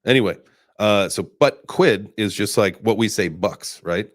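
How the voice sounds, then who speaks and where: A man's voice: on the low side, measured pace, dry recording, studio quality. A man hosting a casual online chat, talking loosely with plenty of fillers and restarts. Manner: relaxed, rambling, many fillers. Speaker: host.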